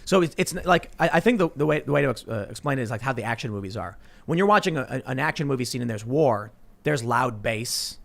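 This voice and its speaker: Animated man telling stories at a podcast panel. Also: mid-range voice, fast, vocal fry. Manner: animated storytelling, frequent restarts. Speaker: podcast host. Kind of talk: casual panel chat.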